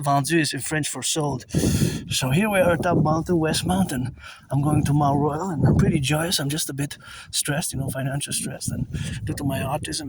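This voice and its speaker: Rambling man, distant, noisy street. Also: a little high. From Quebec, Canada. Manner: repetitive, drifting, mutters asides under his breath. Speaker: vlogger. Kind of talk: rambling walking monologue. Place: outdoors on city streets.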